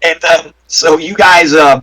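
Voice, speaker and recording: A man's voice: fairly high pitch, fairly even intonation, a little slow, sharp tone, low-quality recording. A man narrating a tabletop game as game master, rambling with many fillers.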